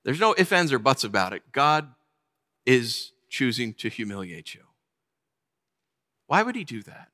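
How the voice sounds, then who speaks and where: A man preaching a sermon, telling a funny personal story with lively, animated delivery. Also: mid-range voice, unhurried, pauses often. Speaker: pastor.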